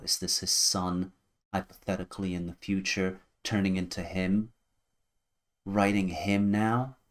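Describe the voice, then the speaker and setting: A man's voice: deep voice, little pitch movement, measured pace. A man in his thirties hosting a music reaction video, musing aloud and guessing as he goes. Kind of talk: casual reaction commentary.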